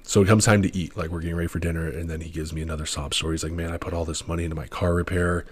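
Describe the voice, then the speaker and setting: A young podcast guest in his twenties talks very fast in a low, level voice, with slight background noise behind him. His casual story wanders and doubles back on itself, and he acts out what each person said.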